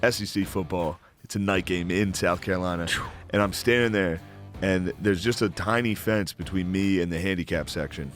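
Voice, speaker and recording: A comedian telling crude stories in casual podcast banter, laughing often. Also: male voice, low voice, normal speed, soft background music. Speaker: comedian guest.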